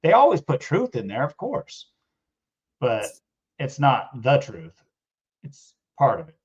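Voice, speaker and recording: A man's voice: mid-range voice, wildly swooping pitch, a little slow, husky, muffled recording. A man co-hosting a podcast, riffing casually and sarcastically on a video clip with an amused, rambling delivery full of restarts. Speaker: podcast co-host. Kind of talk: casual commentary reacting to a video.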